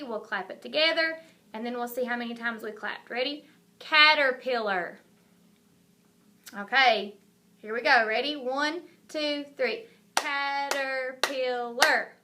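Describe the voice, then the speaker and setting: A kindergarten teacher talks to young children in a recorded video lesson. She speaks slowly and clearly, in a high, bright voice that keeps the talk encouraging.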